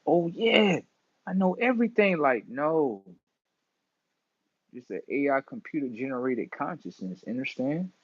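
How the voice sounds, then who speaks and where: A young man, hosting a casual livestream monologue, animated and full of slang, swinging between loud bursts and mumbles. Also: fairly low pitch, husky, no room sound, dull audio. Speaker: livestream host.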